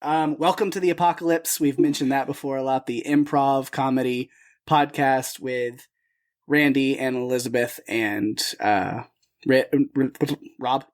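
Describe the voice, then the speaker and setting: A man's voice: medium pitch, steady tone, unhurried. A male podcast co-host chatting casually, giggly and self-deprecating, laughing so hard he is in tears.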